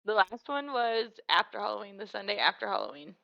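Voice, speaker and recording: A woman's voice: medium pitch, big pitch swings, fairly quick, vocal fry, dull audio. A woman co-hosting a podcast in casual chat, blunt and casually swearing. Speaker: podcast co-host.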